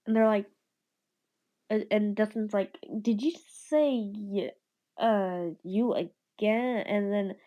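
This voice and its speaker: A woman's voice: mid-range voice, a little mellow. A young woman casually improvising a fan story, rambling and stumbling with many fillers and some whispered asides. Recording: dull lo-fi recording.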